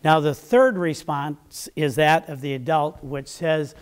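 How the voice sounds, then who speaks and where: Older man, measured motivational coach. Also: on the high side, clear, resonant tone. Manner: measured, deliberate delivery that slows down to stress key sayings. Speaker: leadership development coach. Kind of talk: motivational talk.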